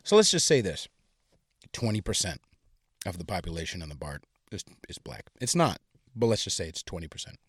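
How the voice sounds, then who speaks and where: A man's voice: deep voice, big pitch swings, a little fast, breathy edge, no room sound. Profane ranting man, dry close sound. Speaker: podcast host. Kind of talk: crude solo comedic rant.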